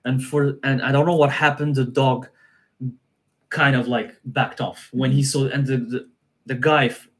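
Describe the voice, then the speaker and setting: A man's voice: mid-range voice, flat delivery, a little slow, a bit bright. A man, a guest on a live stream, telling a personal story in an earnest way, often repeating himself and restarting sentences.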